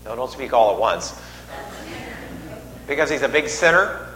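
A man's voice: mid-range voice, animated, a little slow, sharp tone. A man preaching a sermon in a church, conversational, joking with the congregation. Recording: echoey hall, faint noise.

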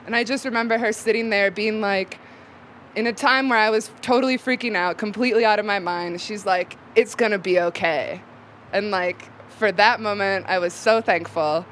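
A woman's voice: medium pitch, normal speed, fairly bright tone, slight background noise. A young woman telling a personal story live on stage, casual and rambling with many fillers. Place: live event venue.

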